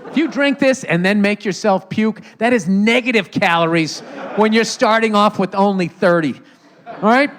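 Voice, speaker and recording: A male comedian on stage at a live taping, throwing out sarcastic, profane asides and needling the crowd. His voice sits high for a man. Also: normal speed, fairly bright tone. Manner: sarcastic, profane, riffing with the audience. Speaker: comedian host of a podcast. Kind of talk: live stand-up podcast taping with crowd work.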